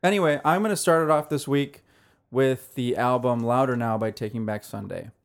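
A man with a mid-pitched voice co-hosts a relaxed podcast. He talks in an easygoing way and leans on "like" as a filler while he explains things. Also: normal speed, vocal fry. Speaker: podcast co-host. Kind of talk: casual chat reviewing beer and music.

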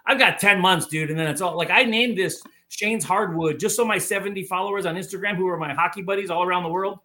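Animated, fairly high-voiced man telling a story. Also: quick pace. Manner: animated, acts out quoted voices, heavy filler words. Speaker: podcast guest, woodworker. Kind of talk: casual storytelling.

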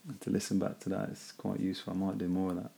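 A man's voice: deep voice, completely flat delivery, racing, vocal fry, warm tone, breathy edge. A man hosting his own podcast, musing casually in a rambling, self-deprecating way and often laughing at himself. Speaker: podcast host.

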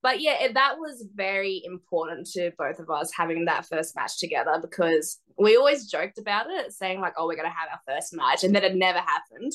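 A young woman wrestler chatting as a podcast guest, bubbly and quick to laugh, full of exclamations. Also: fairly low pitch, expressive, fairly bright tone. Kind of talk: casual podcast chat.

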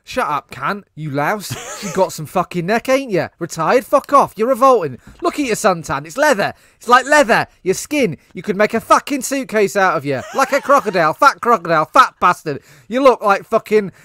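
A man doing a loud, bullying gangster voice, reading film lines on a podcast. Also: sits high, big pitch swings, moderate pace, hardly any pauses, no echo, studio quality, voice pushed up, full character voice. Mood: menacing.

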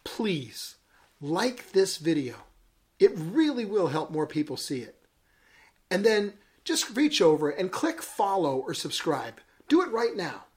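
A man's voice: high-pitched, very animated, a little slow, darkish tone. A man, a bishop, giving a daily devotional message, telling a story with dramatic emphasis and chuckling at his own jokes.

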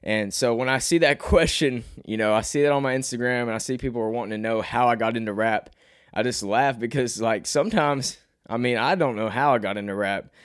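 A young rapper from Arkansas hosts his podcast at a fairly quick clip, his slight Southern twang running through a rambling, self-deprecating monologue. He restarts often and his pitch rises when animated, all in studio quality with no room sound.

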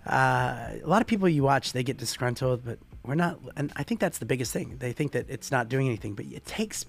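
A man co-hosting a podcast in casual chat, reading out listener comments and jumping into excited high bursts. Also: brisk, creaky, soft background music. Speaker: podcast co-host.

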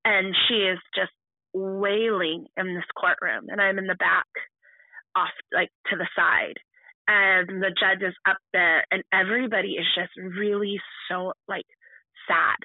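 Woman guest recounting her own past, halting and restarting often; thin phone-line sound. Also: mid-range voice, fairly even intonation, no echo. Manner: halting, full of restarts and fillers. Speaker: podcast guest. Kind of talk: personal storytelling.

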